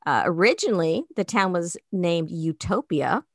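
A woman in her forties from the Chicago suburbs, hosting a podcast in an easygoing chat and quick to laugh. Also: fairly low pitch, animated, no room sound, studio quality. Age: 40s. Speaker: podcast host. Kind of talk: casual chat.

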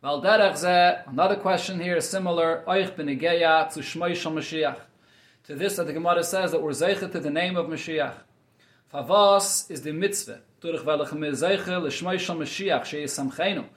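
High-voiced man teaching a text, echoey room. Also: moderate pace. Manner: reads a Yiddish line, then explains it in English. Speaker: Torah teacher. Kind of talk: text study class, reading Yiddish and explaining in English.

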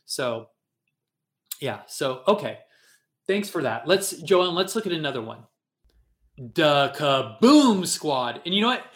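A man hosts a casual livestream podcast, talking in a slightly higher register. He rambles along in an upbeat, chatty way, circling back to his points. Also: expressive, moderate pace, pauses often, a bit bright. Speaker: podcast host.

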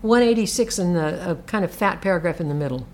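A woman co-hosting a casual book chat, talking haltingly with many restarts. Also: lowish voice, animated. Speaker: podcast co-host discussing a book.

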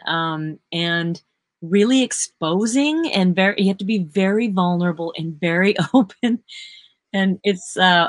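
Animated, dry-sounding woman session singer. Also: on the low side, no room sound. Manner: animated storyteller who acts out quotes, laughs often. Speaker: session singer and vocal workshop teacher. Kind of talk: casual interview chat.

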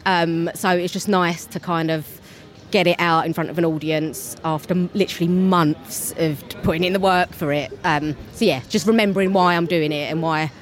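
A woman's voice: fairly low pitch, fairly even intonation, normal speed. Scatterbrained tired Cockney woman. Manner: chatty, scattered, laughs often. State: tired, fried after a show. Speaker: theatre performer and interview guest. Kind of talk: casual interview chat. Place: festival venue straight after a show.

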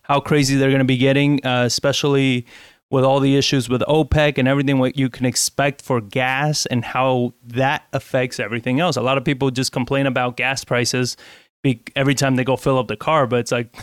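A man co-hosting a casual talk show, chatting in a relaxed, rambling way with lots of fillers. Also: medium pitch, brisk, clear, resonant tone, no echo, studio quality. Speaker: podcast co-host. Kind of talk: casual chat.

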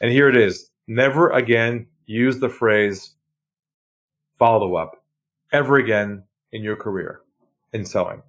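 A man telling sales stories in a podcast interview, acting out phone calls with lively shifts. He drops his voice low and quiet for effect, then jumps high when playing excited callers. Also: measured pace, long pauses. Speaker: sales trainer guest.

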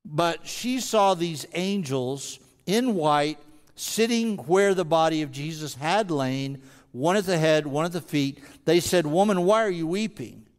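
A man's voice: on the high side, animated, slow. A man preaching a sermon as senior pastor, talking conversationally with frequent stammered restarts and building into intense rhetorical questions. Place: large church sanctuary. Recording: long hall reverb from a large sanctuary.

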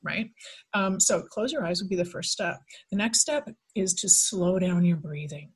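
A woman guest on a podcast, explaining relaxation steps in a soft, slow, hypnotic guiding manner. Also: mid-range voice, lively intonation, breathy edge. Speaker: podcast guest, teacher of mental techniques. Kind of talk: podcast conversation.

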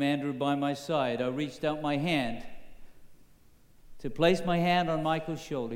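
A man with a somewhat high voice preaches at an unhurried pace, telling a story and lifting to emphatic peaks. His voice rings out in a big, echoey hall with a long reverb tail. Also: a little mellow. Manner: storytelling, builds to emphatic rises. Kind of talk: sermon.

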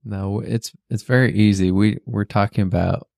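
A laid-back, joking man co-hosting a podcast with his wife. His voice has a gravelly, creaky texture. The recording is close and dry. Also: lowish voice, steady tone, moderate pace, a little mellow, no echo. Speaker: podcast co-host. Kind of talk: casual chat with his wife.

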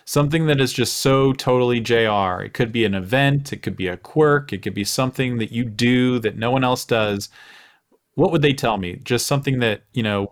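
A man's voice: mid-range voice, smooth. A man hosting a podcast, talking casually with frequent halts and restarts. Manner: halting, many restarts and fillers. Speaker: podcast host. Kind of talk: casual interview chat.

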